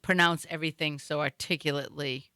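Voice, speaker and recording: A woman's voice: low voice, no room sound, clean studio sound. A woman from Boston with a Boston accent, telling stories in casual chat and acting out other people's lines. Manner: animated storyteller, acts out others in quick quoted voices. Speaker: guest. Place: studio.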